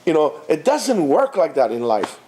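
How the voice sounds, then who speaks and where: A man's voice: a little high, wildly swooping pitch, normal speed, darkish tone, a little hiss or hum. A man, a rabbi giving an informal, exhortative Torah talk to students, mixing in Hebrew terms. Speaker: rabbi teaching at a yeshiva.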